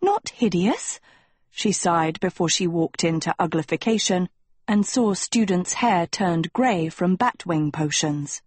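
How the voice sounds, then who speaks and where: Slow, husky woman reading a story. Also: fairly low pitch, a little mellow, dry recording. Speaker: audiobook reader. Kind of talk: storybook narration.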